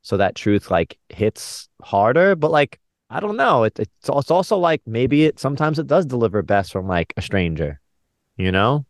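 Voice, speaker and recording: A man's voice: mid-range voice, very animated, normal speed, no echo, clean studio sound. A man who co-hosts a casual podcast, an easygoing listener who agrees and chimes in. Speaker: podcast co-host, father.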